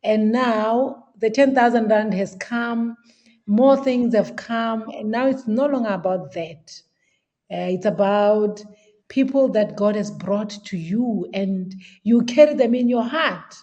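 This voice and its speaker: A woman team leader interviewing her coach over a video call, earnest and halting with many fillers. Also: on the high side, dark tone, dull audio. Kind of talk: heartfelt interview talk.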